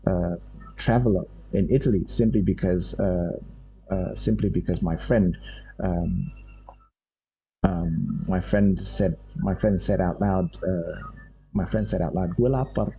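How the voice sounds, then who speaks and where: A man's voice: low voice, measured pace, creaky, mellow, rough recording. A man giving a university lecture, thinking aloud and repeating his phrases as he goes. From Indonesia.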